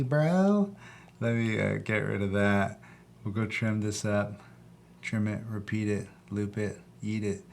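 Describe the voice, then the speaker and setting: Laid-back slangy producer, lowish voice. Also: male voice, vocal fry, slight background noise. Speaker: music producer and video host. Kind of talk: casual tutorial talk while making a beat. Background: loud electronic beat playing.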